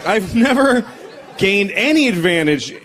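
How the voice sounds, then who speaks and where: A man in his forties performing a self-deprecating, deadpan stand-up comedy set on stage. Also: sits high, a little slow. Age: 40s. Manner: deadpan, self-deprecating, acts out bits in character voices. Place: comedy stage before a live audience. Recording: live set with loud crowd laughter.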